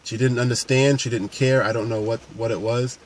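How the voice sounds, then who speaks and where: A man's voice: medium pitch, steady tone, a little fast, a little hiss or hum. A man, a paramedic and fitness coach, talking earnestly and unscripted to camera with frequent restarts. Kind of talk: casual talk to camera.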